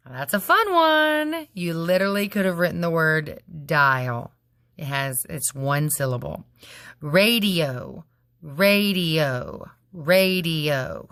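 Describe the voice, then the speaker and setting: A woman's voice: on the low side, fairly bright tone, no echo, clean studio sound. A woman teacher going over worksheet answers, patient and encouraging, sounding out words syllable by syllable.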